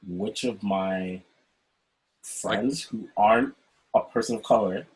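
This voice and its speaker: A man with a fairly low voice hosts a casual conversation over a video call. He talks in an animated, expressive way. He keeps checking in with his listener by asking "right?". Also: slow, poor audio. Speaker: host. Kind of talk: casual chat.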